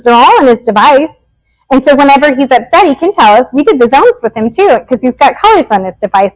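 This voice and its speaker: High-voiced woman giving a parent workshop. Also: poor audio. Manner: casual, animated, acts out quoted parent and child lines. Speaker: behavior analyst speaking to parents. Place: meeting room with a live audience.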